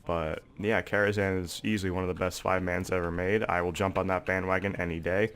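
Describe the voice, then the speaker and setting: A young gaming video creator, congested and sore-throated, rambles through casual gameplay commentary with plenty of "um" and "like" fillers in a stuffy voice. It sits low with little pitch movement, moving a little fast and sounding a bit bright.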